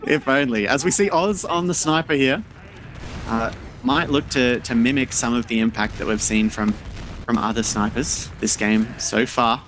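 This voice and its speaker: A man doing rapid play-by-play commentary on a team shooter match, repeating words as he goes. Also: mid-range voice, background noise. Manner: fast play-by-play, trailing off into filler and repeats. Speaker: esports caster. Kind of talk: live game commentary.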